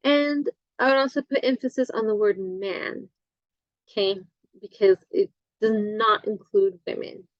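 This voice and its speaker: Halting woman lecturing, dull dry sound. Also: medium pitch, dry recording. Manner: halting, many fillers and self-corrections. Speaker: instructor. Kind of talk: recorded lecture.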